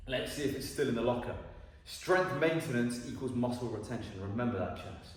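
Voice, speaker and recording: A man's voice: medium pitch, fairly quick, hardly any pauses, over loud music. A man vlogging his workout, talking himself through heavy sets in an upbeat coaching manner and often out of breath between sets. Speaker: fitness vlogger. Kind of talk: gym workout vlog commentary. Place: indoor gym. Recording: echoey gym from far off, loud background noise.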